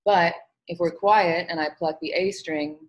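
Low-voiced woman teaching music. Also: measured pace, creaky, dull audio. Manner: relaxed explaining with many fillers. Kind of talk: online music lesson.

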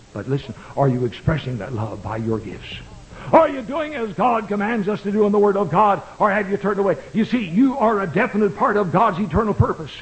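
A man preaching a fiery old-time sermon in a church, swinging between loud cries and low, hushed words. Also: rough recording. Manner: impassioned preaching with dramatic swings in pitch and volume. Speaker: pastor. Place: church sanctuary. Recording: old radio broadcast recording.

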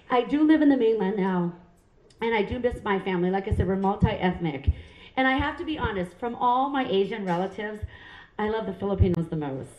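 A middle-aged Hawaiian woman does stand-up on a club stage, her voice fairly high with a darkish tone. She's punchy and self-mocking as she chats with the crowd, and the room sound is roomy.

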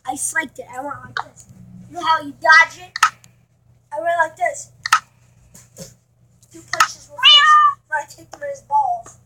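A woman's voice: sits high, steady tone, a little slow, pauses often. A woman chatting at home beside someone's gaming session, telling rambling stories and pushing him to hurry up. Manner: rambling storytelling, pushy and impatient. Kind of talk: casual chat beside a gaming video. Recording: noisy home recording.

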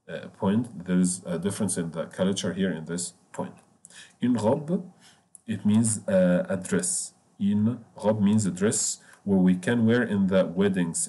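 Guy teaching french in english, deep mellow voice, repeats words a lot. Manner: explains French words in English, repeats key phrases, hesitant fillers. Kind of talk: bilingual language lesson.

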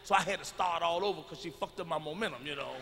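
A middle-aged man doing stand-up, telling profane stories loudly and swinging into shouts. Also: fairly high pitch, fast talker, vocal fry, noisy background. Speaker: stand-up comedian. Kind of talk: stand-up routine. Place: large arena stage. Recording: live concert recording with long hall reverb.

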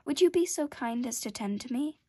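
A sweet-voiced, preening flower with a higher, lighter lilt, read out by a woman. She speaks coyly and with affected delicacy, fussing over her own comfort. Her lines are close and dry, with no room sound around them. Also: lively intonation, fairly quick, dark tone, breathy edge, dry recording. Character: vain delicate female flower, fussy and proud.

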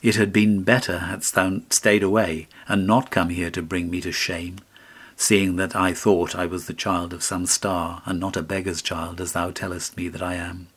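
A man's voice: on the low side, fairly even intonation, normal speed, a bit bright. An actor reading an audiobook, voicing a proud, cruel young boy who speaks in a haughty, scornful way. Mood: bitter.

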